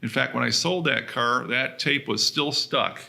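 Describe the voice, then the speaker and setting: A man who co-founded a mobile home business, recalling how it started. His voice is bright with a gravelly edge. He talks matter-of-factly, with a few uhs along the way. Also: medium pitch, unhurried. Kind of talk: casual conversation.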